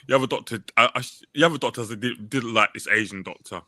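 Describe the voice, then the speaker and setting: Man, casual podcast co-host, bright tone, rambles and acts out quotes. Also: medium pitch, fast talker, no room sound, studio quality. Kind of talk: casual storytelling chat.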